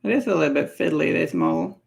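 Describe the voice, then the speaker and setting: A woman's voice: low voice, expressive, fast talker, gravelly, a little mellow. A woman painting miniatures on a livestream, chatting casually, laughing often and musing aloud as she works. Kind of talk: casual chat while painting.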